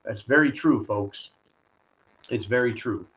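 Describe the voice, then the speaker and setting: A man's voice: medium pitch, a little slow, fairly bright tone, rough recording. A man hosting a live stream, giving combative political commentary and reading viewer donations, often turning to his audience with "folks" and "right?". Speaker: host of a live stream show.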